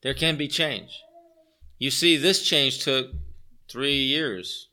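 A man's voice: medium pitch, slow, pushed and bright. A man preaching a conversational sermon as a pastor, earnest, repeating phrases for emphasis and putting rhetorical questions to his listeners.

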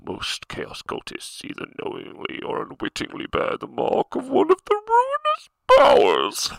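Scary male lore narrator voiced by a man, menacing, slow, sharp tone. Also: very high voice, huge pitch swings, creaky, no room sound, pitched above the performer's own voice, exaggerated voice, low-quality recording. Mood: ominous.

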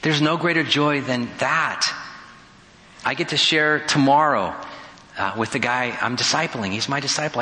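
A man's voice: mid-range voice, sharp tone, reverberant, big-room sound. A man preaching as a pastor, telling a story in a conversational way and acting out the dialogue. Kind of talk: sermon.

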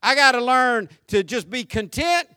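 A man preaching a sermon as pastor, folksy and joking, swinging from shouts down to quiet, low talk. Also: expressive, measured pace, smooth, no echo, clean studio sound. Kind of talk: conversational sermon.

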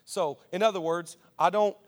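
A pastor's sermon to his church comes in a steady tone at a moderate pace, his voice high for a man. Key words get repeated for emphasis as he alternates soft, confiding asides with loud, driving statements.

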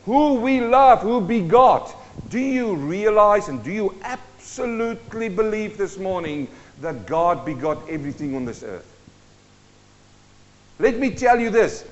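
High-voiced South African preacher. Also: male voice, big-room sound, dull audio. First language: Afrikaans. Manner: emphatic, preaching with rhetorical questions and slow, stressed repetition. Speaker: pastor. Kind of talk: sermon. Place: church. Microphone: handheld or stand microphone.

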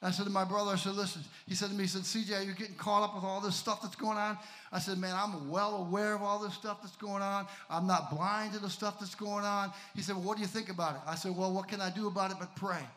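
A man preaching a sermon, swinging from shouts to near whispers and calling out to the congregation. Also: sits high, little pitch movement, fast.

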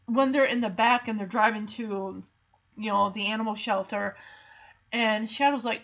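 A woman's voice: on the high side, fairly even intonation, a little slow, a bit bright. A woman casually retelling a movie in a chatty, emotional way with lots of fillers. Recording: dull lo-fi recording.

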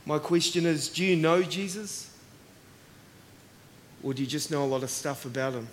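A man's voice: fairly high pitch, normal speed, slight background noise. An Australian man preaching a sermon, telling stories and acting out the voices in them. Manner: animated, acts out voices in anecdotes. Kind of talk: sermon with storytelling.

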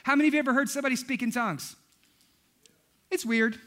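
A male pastor delivering a lively, humorous sermon, telling stories, acting out quotes and raising his voice for emphasis. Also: extremely high pitch, rapid-fire. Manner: storytelling, acts out quotes, shouts for emphasis. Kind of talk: energetic comedic sermon.

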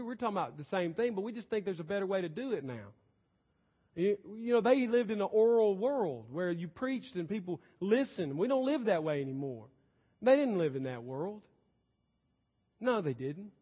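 High-voiced male preacher in a reverberant hall. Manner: emphatic preaching, swinging between loud and soft. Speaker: pastor. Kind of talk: sermon. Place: church sanctuary. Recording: dull lo-fi church recording with long reverb.

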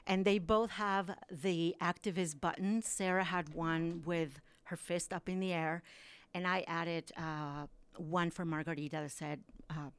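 A woman's voice: on the low side, steady tone, measured pace, clear, resonant tone. A woman from Mexico, a guest on a radio show, talking in a heartfelt way with small restarts. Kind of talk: casual radio conversation.

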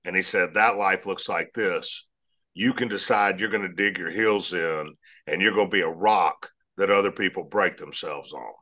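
A man telling his life story in a measured, earnest way as an interview guest. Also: sits low, sharp tone.

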